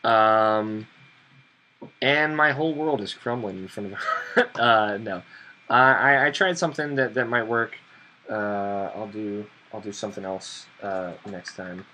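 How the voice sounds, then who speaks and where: A man's voice: lowish voice, unhurried, pushed and bright, a little hiss or hum, low-quality recording. A man hosting a live podcast, joking around in a scattered, casual way. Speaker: podcast host.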